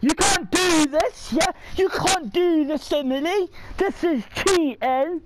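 A woman's voice: very high-pitched, slow pace, background noise. A woman giving horror game commentary, exclaiming and complaining and tacking questioning tags onto her sentences. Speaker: gamer.

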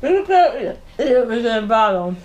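A mother chatting casually in a home kitchen video, explaining things slowly and deliberately. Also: on the high side, big pitch swings, very noisy. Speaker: mother running a prank video.

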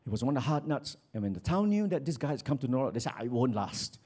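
A male pastor, preaching a sermon with animated storytelling. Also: medium pitch, quick pace, husky. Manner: storytelling, animated with acted quotes.

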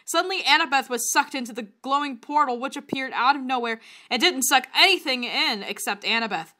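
Woman reading bad fan fiction aloud. High, bright, swooping voice. Slow, mock-dramatic delivery, bursts into shrieking laughter. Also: expressive. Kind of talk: dramatic reading with mocking commentary.

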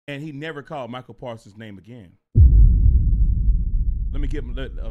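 Dude streaming, telling a story to chat, kinda high and bright voice, cusses a lot. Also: male voice. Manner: animated and profane, talks straight to viewers. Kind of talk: casual storytelling to a live chat.

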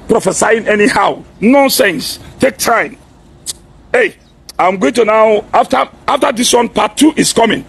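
A man, a pastor giving an impassioned warning address, forceful and repeatedly shouting and demanding that his listener hear him. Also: very high voice, expressive, measured pace, creaky, slightly rough.

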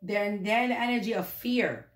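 A woman doing a casual tarot reading for her viewers, blunt, profane and animated. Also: medium pitch, moderate pace, slight background noise. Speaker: tarot reader. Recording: echoey room.

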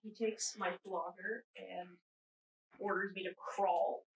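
A young woman acting a shaken narrator in a dramatic monologue, speaking slowly and haltingly with long pauses. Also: medium pitch, level tone, creaky. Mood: haunted. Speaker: narrator recounting her own ordeal. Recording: distant mic with faint noise.

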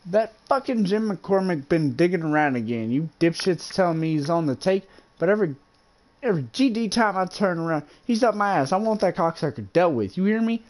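A man putting on a loud mob boss. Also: high voice, lively intonation, brisk. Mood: menacing. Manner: loud, bossy and threatening. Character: angry male mob boss giving orders.

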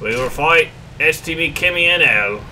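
A man's voice: fairly high pitch, lively intonation, moderate pace, sharp tone, slight background noise. A man voicing a bumbling WWII bomber pilot in a mock British accent, with rousing speeches and broken grammar. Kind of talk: gaming commentary.

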